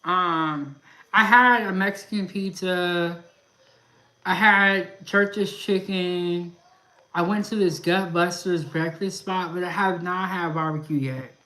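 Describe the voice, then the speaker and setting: Bright-voiced chatty woman live streamer. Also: lowish voice, takes it slowly. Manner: chatty, laughs often, reads viewer comments aloud. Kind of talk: casual chat reading live comments.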